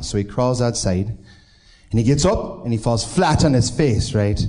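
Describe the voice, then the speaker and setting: A man's voice: medium pitch, animated, normal speed, hardly any pauses, mellow. Flustered man telling a joke on stage. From New York State, USA. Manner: flustered, wandering into tangents. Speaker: guest from the audience, improv theater owner.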